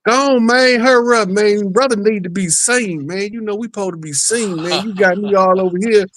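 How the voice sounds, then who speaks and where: A man's voice: high-pitched, normal speed, a bit bright, pitched above the performer's own voice. A man voicing an impatient male spirit who urges him on in slangy, pushy talk.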